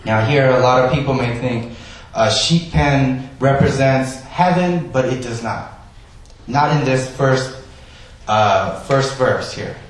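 A man preaching a sermon, stressing key words loudly and then dropping to a soft, quiet delivery. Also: mid-range voice, slow. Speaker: pastor. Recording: echoey room, voice from a distance.

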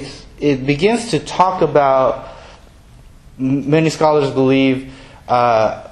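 A man's voice: a little high, darkish tone. A man preaching a sermon in a conversational way, mixing scripture with everyday examples and playful voiced quotes. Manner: conversational, self-deprecating, acts out quoted voices. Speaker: pastor.

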